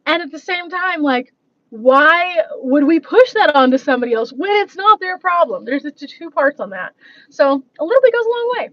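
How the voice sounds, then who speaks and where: A woman's voice: high-pitched, lively intonation, normal speed, dry recording, dull audio. A woman vlogger talking casually on a live stream, rambling and laughing often as she reads out viewer comments. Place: coffee shop.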